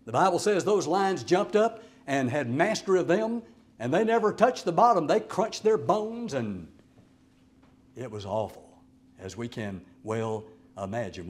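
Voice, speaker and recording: A man preaching a sermon as an evangelist, telling the story with dramatic swings from loud exclamations to hushed asides. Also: on the high side.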